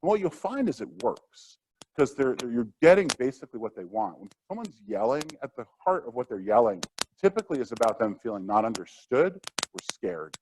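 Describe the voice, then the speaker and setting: Brief: male workshop lecturer, animated pitch, casual and chatty delivery, noisy recording. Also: a little fast. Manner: conversational, acts out quotes. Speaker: workshop presenter. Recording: steady background noise.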